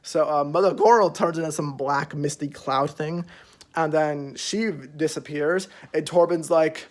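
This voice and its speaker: A man's voice: fairly high pitch, normal speed. A young man casually recapping a show's episodes, rambling with lots of fillers and freely swearing. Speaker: show reviewer.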